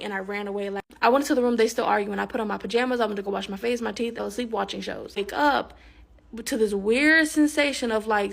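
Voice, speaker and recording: A young woman telling a personal story in a candid, emphatic way, often dropping to a hushed tone. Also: on the high side, gravelly. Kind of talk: storytime monologue.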